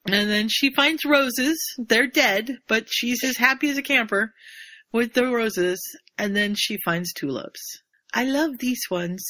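A woman's voice: fairly high pitch, measured pace, bright, forceful tone, dry recording. A woman co-hosting a casual chat, animatedly retelling a story and acting out the characters. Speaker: podcast co-host.

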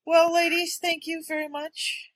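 A woman's voice: extremely high pitch, measured pace, no echo. A woman hosting a podcast, chatting casually and wrapping up the session. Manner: relaxed, chatty, wraps up the show. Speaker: podcast host. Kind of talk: casual chat.

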